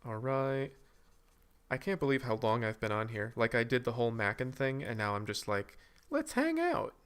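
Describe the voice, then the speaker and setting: A man's voice: medium pitch, steady tone, normal speed, clean tone. A man hosting a casual livestream, rambling while he reads and answers viewers' comments and draws. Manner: drawing while talking. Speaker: streamer host.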